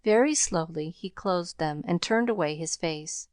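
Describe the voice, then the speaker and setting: Woman audiobook narrator, lowish voice, measured storytelling, dry close sound. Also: darkish tone, no echo. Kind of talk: scripted narration.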